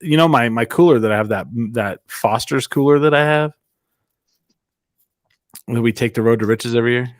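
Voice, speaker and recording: A man's voice: mid-range voice, moderate pace, pauses often, no echo, studio quality. A man hosting a casual podcast chat, telling rambling stories and laughing often. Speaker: podcast host.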